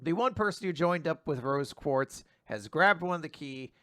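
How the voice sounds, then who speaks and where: A man's voice: a little high, lively intonation, moderate pace, sharp tone, no room sound, studio quality. A young man hosting a casual manga recap podcast, chatty with laughing asides. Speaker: podcast host.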